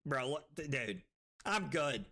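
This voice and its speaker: Tipsy male streamer, bright, swings wildly in pitch, swears, yells when hyped. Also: slow. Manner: excitable, swearing, bursts into yelling. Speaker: card game streamer. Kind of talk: live-stream banter.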